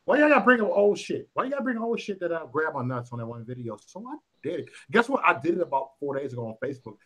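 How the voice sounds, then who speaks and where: A man tells rowdy, joking stories in a casual chat, his voice high and sharply bright. It leaps up and down as he goes, and he swears freely. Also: quick pace. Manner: loud, animated, joking storyteller who swears freely. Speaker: channel host.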